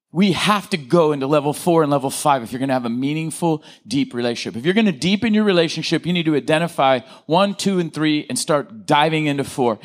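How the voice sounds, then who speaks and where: Guy preaching, kinda higher voice, jokey, keeps asking the crowd to say stuff back. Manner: lively, joking, asks the congregation to respond. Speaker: pastor. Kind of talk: sermon. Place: church.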